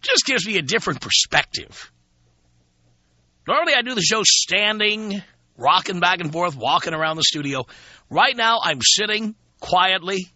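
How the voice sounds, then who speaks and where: A man's voice: high-pitched, sharp tone, no room sound. A man hosting a radio talk show, talking to listeners in a sardonic, profane, self-mocking monologue from a studio. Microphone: studio microphone.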